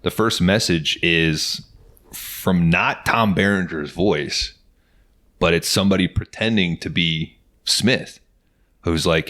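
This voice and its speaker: Very deep-voiced, laid-back man recapping. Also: slow, a bit bright. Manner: laid-back, profane, acts out quotes with laughs. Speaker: podcast host. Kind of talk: casual movie recap chat.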